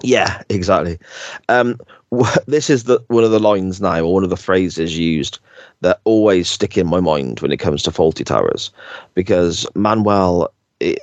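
A man's voice: sits low, no echo, highs cut off. A man hosting a podcast, rambling through sitcom scenes with hesitant restarts. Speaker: podcast host. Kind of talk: casual chat.

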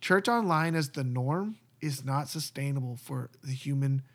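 A man's voice: medium pitch, moderate pace. A man, a pastor, talking earnestly and conversationally about church community. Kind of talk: casual podcast talk.

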